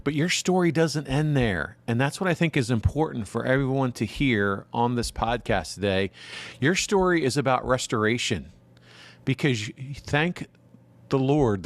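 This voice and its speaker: A man's voice: medium pitch, dry recording. A man co-hosting a podcast, speaking encouragingly and bringing in his faith. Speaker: podcast co-host. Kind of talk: supportive podcast talk.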